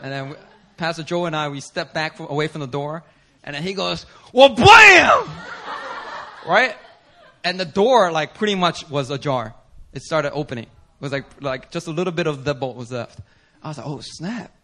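A man preaching a sermon as pastor, telling a story animatedly with laughter and sudden shouts. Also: on the high side, fairly quick. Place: church service.

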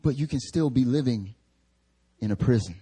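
A young male pastor preaching a sermon in a casual, slangy, animated way. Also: medium pitch, normal speed, husky.

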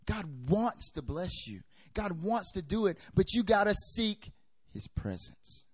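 A young adult man preaching a sermon, telling a personal story with lively, animated delivery and acting out the dialogue. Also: high voice, takes it slowly, breathy edge, dry recording, clean studio sound. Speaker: pastor.

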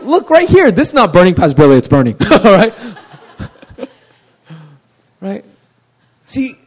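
A man's voice: medium pitch, dark tone, slightly rough. A middle-aged male pastor preaching with energy, often asking the congregation "right?" and laughing at himself. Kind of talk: sermon.

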